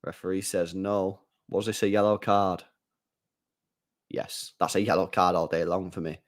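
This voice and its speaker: A man hosting a live football watchalong, chatting casually, reading viewer comments and getting loud when play heats up. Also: low-pitched, normal speed. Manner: chatty, swings from mumbling to excited shouting. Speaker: live stream host.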